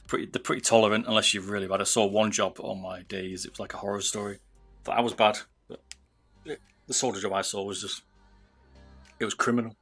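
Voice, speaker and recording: A British man livestreams himself modding gaming mice, soldering while chatting casually with viewers and calling them "mate" a lot. His voice is lowish, husky, and fairly bright, with fairly even intonation and a brisk pace. Soft music plays in the background.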